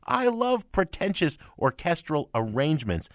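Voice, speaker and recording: A man's voice: a little high, sing-song, moderate pace, no room sound, clean studio sound. A man co-hosting a radio music-review show, who argues his opinions emphatically and with sarcasm. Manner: emphatic and sarcastic, with sweeping swings of inflection. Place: radio studio. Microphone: close studio mic.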